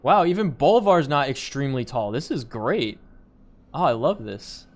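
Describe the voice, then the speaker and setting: A man's voice: medium pitch, animated, moderate pace. Playful man streaming a game. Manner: playful, joking, reacts to the game. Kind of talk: casual gameplay commentary.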